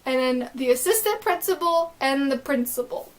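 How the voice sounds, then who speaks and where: A young adult woman telling a storytime vlog, excitable and rambling, with lots of filler words. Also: high voice, normal speed. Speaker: vlogger.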